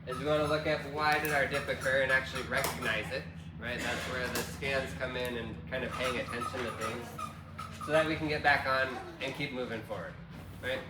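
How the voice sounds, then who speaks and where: A man fitness coach explaining progress to a group, steady, checking in with "right?". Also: medium pitch, far from the mic. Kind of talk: group workshop talk. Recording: roomy, from across the room, loud noise.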